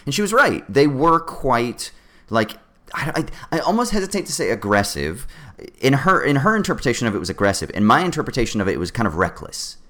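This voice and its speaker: A man's voice: mid-range voice, brisk. A man, talking animatedly and swearing freely as a podcast co-host in casual chat. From Southern California. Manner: animated, swears freely, acts out other drivers.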